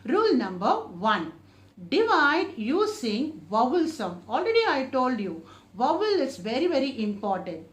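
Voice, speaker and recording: A woman teaching children an English lesson, stretching out each word slowly and often saying it twice, then asking the class questions and answering them herself. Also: high voice, big pitch swings, reverberant. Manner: slow, drawn-out modelling of each word, often repeated.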